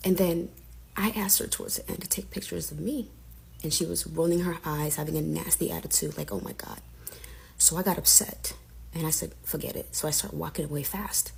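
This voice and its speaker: A woman's voice: low-pitched, steady tone, a little fast, vocal fry, a little mellow, breathy edge. A young woman casually recounting a personal story, candid and frustrated, acting out the lines of family members as she goes.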